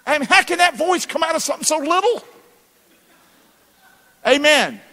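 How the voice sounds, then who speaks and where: A man's voice: very high-pitched, expressive, moderate pace, pauses often, sharp tone, slight background noise. A man preaching a sermon as pastor, calling for answers from the congregation in a folksy, emphatic way. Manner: call-and-response preaching, asks the congregation to answer; folksy, emphatic delivery with colloquial asides. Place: church sanctuary. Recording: long reverb of a church hall.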